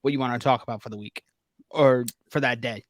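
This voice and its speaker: A man guesting on a sports podcast, talking quickly and stumbling over his words. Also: mid-range voice, steady tone, no room sound, studio quality. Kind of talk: casual sports talk.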